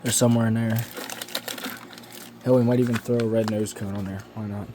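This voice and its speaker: A man's voice: lowish voice, little pitch movement, fairly quick, mellow, a little hiss or hum. A man talking casually while he works on a model plane in his home workshop, rambling and offhand, with slang and swearing. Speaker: hobbyist building a model plane.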